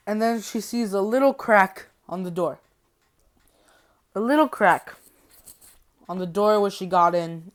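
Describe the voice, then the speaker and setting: Rambling casual woman retelling a book. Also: medium pitch. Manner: rambling, repetitive, giggly.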